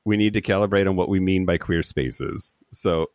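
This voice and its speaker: A man's voice: low-pitched, normal speed, a little mellow, no room sound, studio quality. A man co-hosting a podcast remotely while sick with covid, rambling and repeating words as he explains. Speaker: podcast co-host. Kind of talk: casual chat. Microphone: remote recording.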